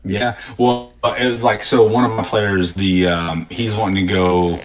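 Deep-voiced man telling game stories. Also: a little slow. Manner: animated storyteller, acting out quotes. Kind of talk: casual conversation about tabletop games.

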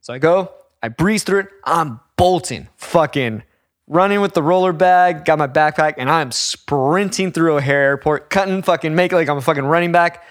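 A young man telling a story in casual chat, animated and profane, acting out the people in it. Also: fairly high pitch, moderate pace, no room sound, studio quality.

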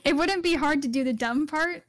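A woman co-hosting a casual podcast, teasing in a dry, deadpan way. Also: sits high, normal speed, dry recording. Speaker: podcast co-host.

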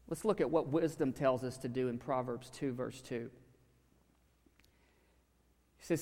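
Preacher in a reverberant hall. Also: male voice, a little high, normal speed, creaky, long pauses. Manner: conversational, swings from loud to hushed. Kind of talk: sermon. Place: church sanctuary with a live audience.

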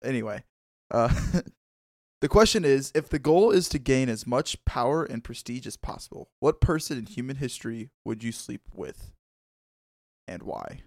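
A man's voice: mid-range voice, lively intonation, moderate pace, darkish tone, no echo, clean studio sound. A young man co-hosting a comedy podcast, laid-back as he introduces a segment. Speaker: podcast co-host. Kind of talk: casual comedy banter.

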